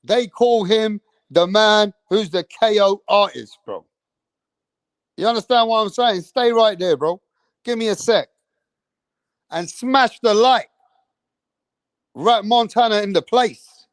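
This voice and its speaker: A man hosting a live boxing stream, talking in a streetwise, slang-heavy way and keeping up a steady chat straight to the viewers. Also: sits high, slow pace, pauses often, no echo. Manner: streetwise, slang-heavy, keeps saying bro and bruv. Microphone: streaming setup mic.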